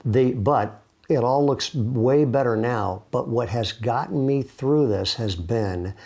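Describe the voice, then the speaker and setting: A man's voice: medium pitch, slow, a little mellow. A middle-aged man, a pastor, giving an earnest, conversational devotional talk from his home while seated with his knee propped up, often restarting his sentences. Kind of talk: casual devotional talk to camera.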